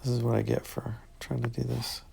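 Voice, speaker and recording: A man who is a math teacher, casually talking through an answer key and thinking out loud in an upbeat way. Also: medium pitch, flat delivery, brisk, creaky, slight background noise.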